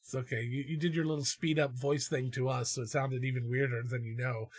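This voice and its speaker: Relaxed man running a tabletop game. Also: mid-range voice, a little fast, dry recording. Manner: relaxed, filler-heavy narration. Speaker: game master and host. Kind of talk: narrating a tabletop game podcast.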